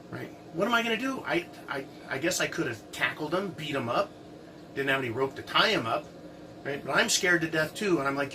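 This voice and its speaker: A man telling his own encounter story in a casual, animated way, repeating words and often asking "right?". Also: fairly high pitch, normal speed, far from the mic, background noise. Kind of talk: casual first-person storytelling.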